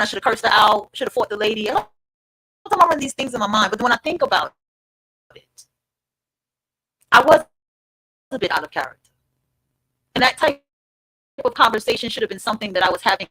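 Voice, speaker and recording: Woman, podcast host, lively pitch, slightly husky, emphatic, swears freely. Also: no room sound, rough recording. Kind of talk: casual monologue to listeners. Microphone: streamed online podcast.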